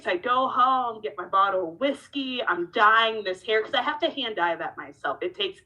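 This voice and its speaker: Bright-voiced woman telling her story. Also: medium pitch, moderate pace, rough recording. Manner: animated, acts out dialogue with shifting tone. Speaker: professional wrestler as guest. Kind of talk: candid interview storytelling.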